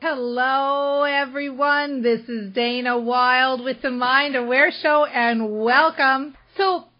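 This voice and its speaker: A woman hosting an interview show, chatting enthusiastically with quick asides. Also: high-pitched, steady tone, soft background music. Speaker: podcast host. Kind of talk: casual interview chat. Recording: dull lo-fi audio.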